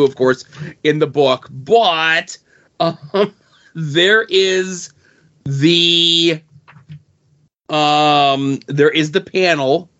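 A man co-hosting a podcast, talking about comics in a quick, conversational and emphatic way. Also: a little high, fairly bright tone, dull audio. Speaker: podcast co-host. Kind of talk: casual comic book discussion.

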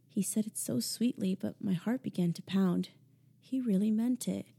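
A woman reading a novel aloud as a first-person audiobook narration, measured and intimate. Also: mid-range voice, vocal fry, mellow, slightly rough.

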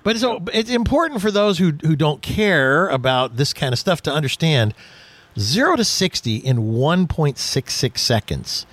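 A man's voice: a little high, moderate pace, no room sound. A man hosting a radio talk show about cars, chatting casually and telling jokey stories. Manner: jokey, lively storytelling.

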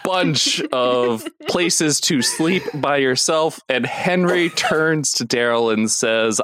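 A co-host of a comedy podcast telling a silly story in a deadpan, unhurried way. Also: medium pitch, slight background noise. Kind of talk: comedic improv storytelling chat.

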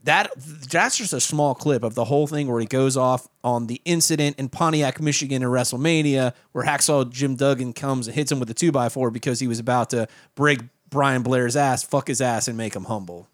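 A man's voice: medium pitch, fairly quick, hardly any pauses, no room sound. A male podcast guest rambles through stories in casual chat, cursing freely along the way. His voice sits mid-range and sounds dry and close to the mic. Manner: rambling storyteller, swears freely. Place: home podcast setup.

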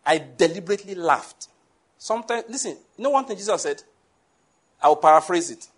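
A man preaches to his congregation, laughing often and tossing questions at the listeners. His voice sits a little high and sounds husky. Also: expressive, a little fast. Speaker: pastor. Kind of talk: sermon.

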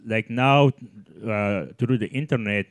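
A man with an Egyptian accent speaks slowly and haltingly on a studio talk show, often restarting while he searches for words. His voice is fairly low, smooth and resonant, and it is recorded dry and close. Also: no echo. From southern Egypt. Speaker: studio guest. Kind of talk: casual chat. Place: live studio in front of an audience.

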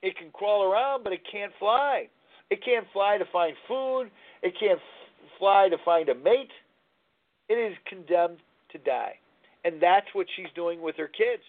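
A man's voice: sits high, animated, unhurried. A man hosting a recovery talk radio show, telling a story in a rambling way and searching aloud for words, heard over a tinny phone-like line. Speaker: radio host.

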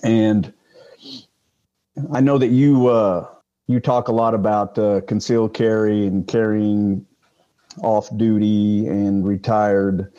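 Rambling older man, dark muffled voice. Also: lowish voice, flat delivery, slow pace, long pauses, clean tone. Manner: rambling, with many fillers and restarts. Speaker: guest, retired police sergeant. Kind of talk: casual interview storytelling.

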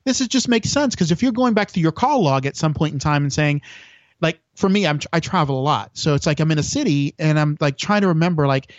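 Man guest on a podcast, kinda high voice, rambles and restarts, dull dry sound. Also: expressive, a little fast, no room sound. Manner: rambling storyteller with many restarts. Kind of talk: casual chat.

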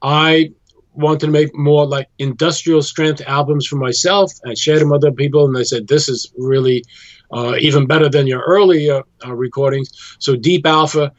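A man being interviewed as a guest musician, explaining his ideas in a measured way. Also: fairly high pitch, fairly even intonation, no room sound, muffled recording. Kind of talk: interview conversation.

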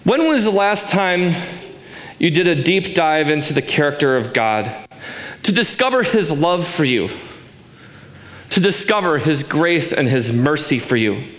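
A man's voice: a little high, very animated, measured pace, a bit bright, echoey room. A man in his forties giving a sermon as pastor, earnest and emphatic, asking rhetorical questions. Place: church sanctuary.

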